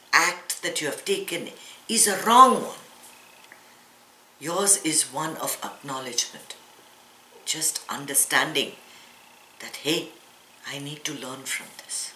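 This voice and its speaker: With a low, bright and forceful voice, a woman meditation teacher earnestly explains spiritual ideas to a live audience, often asking rhetorical questions. The recording has an echoey room and faint ambience.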